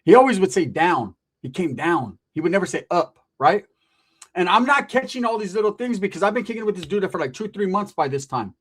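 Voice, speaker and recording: A man's voice: high-pitched, very animated, a little fast, fairly bright tone, husky. A middle-aged man casually telling a story from his past, full of profane street slang and quoted dialogue. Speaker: podcast guest telling a story.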